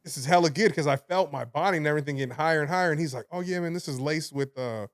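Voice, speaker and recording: A young man on a podcast, telling a wild story in casual chat, animated, swearing and laughing as he goes. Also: on the high side, racing. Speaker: podcast co-host.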